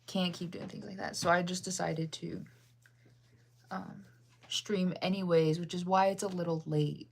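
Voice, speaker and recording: A woman's voice: fairly even intonation, unhurried, creaky, husky. A woman in her thirties from the United States, rambling in casual chat on a livestream with lots of ums and laughs. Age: 30s. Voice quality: deep-sounding voice. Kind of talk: casual chat, reading chat aloud.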